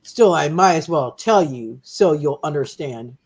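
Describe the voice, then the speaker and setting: A man gives voice to a brooding young scientist in a comic read-aloud. The reading is measured and dramatic, and the voice sits a little high. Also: animated. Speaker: comic reader.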